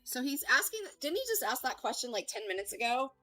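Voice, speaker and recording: A woman's voice: high-pitched, sing-song, brisk, pushed and bright, faint music behind, rough recording. A woman hosting a heated reaction stream, talking back in a combative, sarcastic and profane way.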